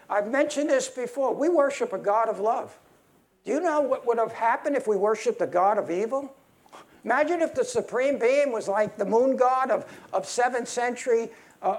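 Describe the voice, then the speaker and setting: A man's voice: sits high, vocal fry. A man preaching a sermon in a heated, emphatic way, often restarting his sentences.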